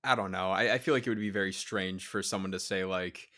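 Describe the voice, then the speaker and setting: A man's voice: sits low, steady tone, fast, sharp tone, no room sound, clean studio sound. A man co-hosting a podcast, easygoing, asking questions and laughing along in casual chat. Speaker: podcast co-host.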